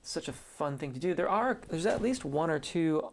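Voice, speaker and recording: A man, a singing teacher, answers viewers' questions in a relaxed live stream, thinking aloud with many fillers. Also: a little high, moderate pace, a little hiss or hum. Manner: reads viewer comments aloud and answers them. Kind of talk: casual live-stream chat.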